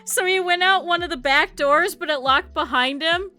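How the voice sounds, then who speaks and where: This Midwestern streamer, a young woman from around Cleveland in the United States, tells meandering stories as she crafts on a casual livestream, cursing and laughing a lot, restarting often and leaning on fillers. She imitates others when quoting them. Her voice sits high, bright and sharp, at a moderate pace, with faint music in the background.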